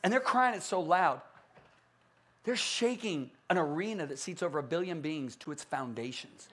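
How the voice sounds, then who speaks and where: Middle-aged male preacher, lively swooping delivery, bright tense tone, emphatic. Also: normal speed. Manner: animated, emphatic, acts out quotes with big pitch swings. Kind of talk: conference sermon.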